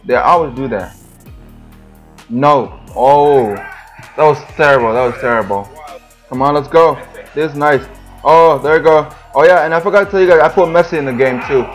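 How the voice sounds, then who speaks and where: A young man hosting his gaming channel, giving live, excitable commentary on a football game, yelling and groaning at the play and complaining often. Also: mid-range voice.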